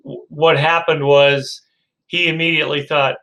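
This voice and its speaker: A male professor giving a recorded lecture and telling a story. He speaks slowly and hesitantly, with many fillers, in a bright, slightly high voice. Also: poor audio.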